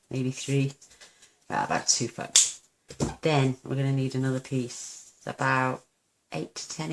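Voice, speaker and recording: A woman's voice: very deep voice, noisy background. Chatty woman demonstrating crafts. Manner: chatty, gushing over cute results, self-deprecating. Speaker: papercraft tutorial host.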